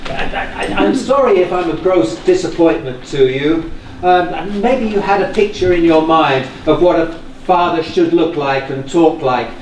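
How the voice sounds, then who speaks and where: An actor playing a middle-aged estranged father on a live stage, defensive and stern with halting restarts. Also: a little high, lively intonation, darkish tone, a little hiss or hum, close to an everyday voice. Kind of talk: live stage play acting. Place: theater stage. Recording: echoey stage from far off, faint ambience.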